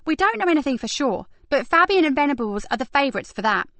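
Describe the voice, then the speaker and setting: An earnest, warm-hearted young female detective, voiced by a woman reading an audiobook. She talks briskly and animatedly in a raised voice. The recording is dry and close. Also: high voice, very animated, dry recording, voice pushed up, exaggerated voice.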